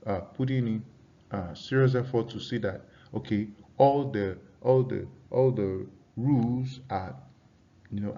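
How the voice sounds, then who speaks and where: A man with a Nigerian English accent who teaches a pronunciation lesson, reading rules from slides, saying example words slowly over and over, and asking his students questions. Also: medium pitch, gravelly, warm tone. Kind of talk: classroom lesson. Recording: dull lo-fi sound.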